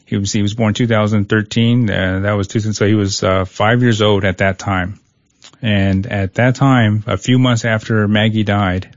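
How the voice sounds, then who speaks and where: A man's voice: lowish voice, dry recording, highs cut off. A man guest in an interview, telling a personal story in an earnest way, often repeating words. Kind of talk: conversational interview.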